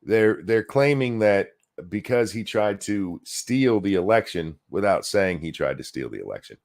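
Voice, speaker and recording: A man hosting a live political commentary stream, sarcastic and animated, reacting to clips and thanking donors. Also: on the low side, normal speed, hardly any pauses.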